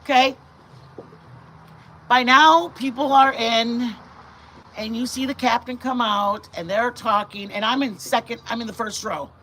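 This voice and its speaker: A middle-aged woman vlogger telling a story to her viewers in a chatty, animated way that often turns to her faith. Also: on the high side, a little slow, pauses often, slight background noise. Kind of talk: casual storytelling to camera.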